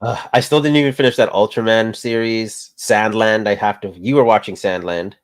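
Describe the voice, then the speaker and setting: A man co-hosting a toy news show in casual chat, relaxed, laughing often and trailing off. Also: lowish voice, normal speed.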